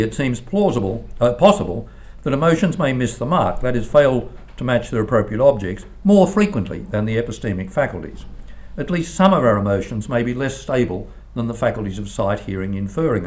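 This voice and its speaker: An older male professor delivers a formal academic lecture, reading from a prepared text. His voice sits low, and he moves through it in a measured, deliberate way, stumbling now and then over a word. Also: darkish tone. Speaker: philosophy professor.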